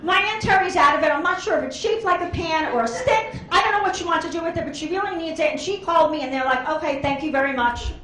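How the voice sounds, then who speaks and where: A woman comedian works a club crowd with a high, bright voice. She rambles brashly through stories and slips into quoted voices. The sound bounces around a roomy club, with faint hum underneath. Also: fast, hardly any pauses. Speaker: stand-up comedian. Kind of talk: stand-up comedy set. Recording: echoey club room.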